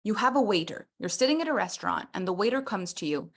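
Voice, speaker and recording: A woman coaching a personal development workshop, animated and playful, acting out little scenes as she teaches. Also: mid-range voice, fast.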